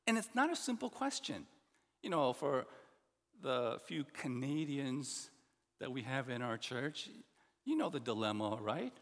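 A middle-aged man preaching a sermon as pastor, earnest and animated, with many restarts and asides. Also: high-pitched. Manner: animated, earnest, with frequent restarts and "you know". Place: church sanctuary. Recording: long hall reverb.

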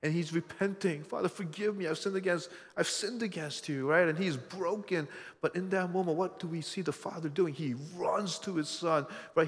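A man's voice: on the high side, big-room sound. A man preaching a sermon, telling personal stories and asking his listeners questions in an earnest way. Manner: earnest, personal storytelling with frequent rhetorical questions. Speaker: pastor.

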